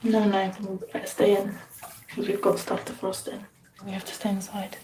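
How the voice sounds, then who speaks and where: A woman's voice: mid-range voice, normal speed, slight background noise, natural voice, low-quality recording. An actress playing a sarcastic, worn-out young woman who looks after her family. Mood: bossy. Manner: dry, deadpan, sometimes whispering.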